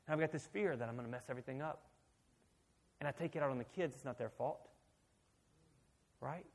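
Guy pastor preaching, chatty and lively, kinda high voice. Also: husky. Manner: conversational, animated, asks the audience questions. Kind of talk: sermon.

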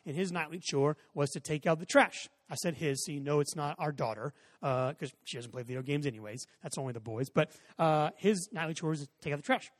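Pastor, 40s, man with a high voice; chatty storytelling sermon, voices the back-and-forth loudly; hall reverb. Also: fairly quick, few pauses, studio quality. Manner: conversational storytelling, acts out exchanges in raised voices. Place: church sanctuary with a stage and audience seating.

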